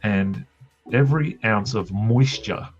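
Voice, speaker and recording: A man's voice: lowish voice, takes it slowly. An Australian man hosting a live drawing stream, telling rambling, self-deprecating stories in casual chat. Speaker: streamer host drawing comics. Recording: dull lo-fi stream audio with faint music.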